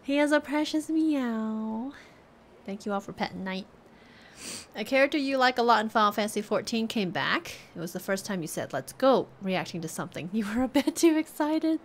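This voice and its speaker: Woman streamer, relaxed and chatty, lively melodic voice, slow delivery. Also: medium pitch, slight background noise. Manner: coos at her cat, chatty and relaxed. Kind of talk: casual live-stream chat.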